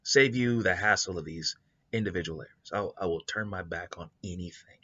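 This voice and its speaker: A man voicing a vengeful older male lawman who speaks in a slow, mocking, menacing drawl. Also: sits low, fairly bright tone, breathy edge, no room sound. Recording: dull lo-fi recording.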